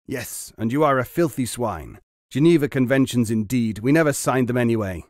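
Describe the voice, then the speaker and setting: A man's voice: medium pitch, expressive, normal speed, dry recording, studio quality, lightly acted. A man voicing a male Soviet army colonel who blusters and sneers, then turns defensive. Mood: contemptuous.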